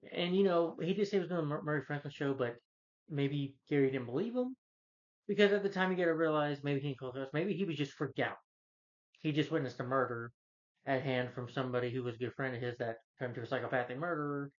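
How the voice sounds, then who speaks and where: Speaking quickly in a mid-range voice, this man rambles through a casual retelling of a film's story, stumbling over fillers and starting sentences again. He reviews films, and the recording has its high frequencies cut off.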